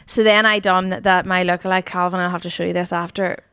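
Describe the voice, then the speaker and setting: A woman, co-hosting a podcast and telling stories in excitable casual chat. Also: lowish voice, a little fast, clear, resonant tone, no echo, studio quality. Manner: chatty, excitable storyteller. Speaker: podcast co-host.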